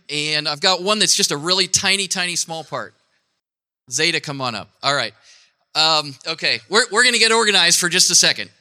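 Male pastor, slightly high, very bright voice; relaxed joking outdoor sermon, lots of ums and restarts. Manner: loose, joking, full of fillers and restarts. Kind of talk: casual sermon to a congregation. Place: outdoor church service.

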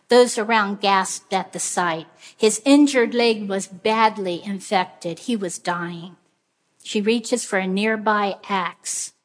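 A woman preaching a sermon, speaking in an earnest, measured storytelling way. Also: mid-range voice.

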